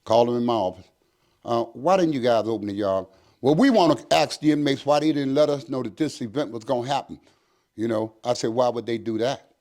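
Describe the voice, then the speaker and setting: Fairly quick and mid-range in pitch, the voice belongs to an older retired prison captain giving an interview. He's an animated storyteller who voices the dialogue of the characters in his tale.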